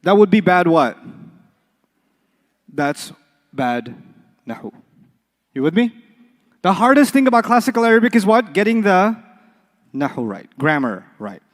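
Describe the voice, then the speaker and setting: A man's voice: sits high, big pitch swings, measured pace, pauses often, big-room sound. A man teaching an Arabic class, quizzing the students with call-and-response questions and playful examples. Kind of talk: classroom lecture.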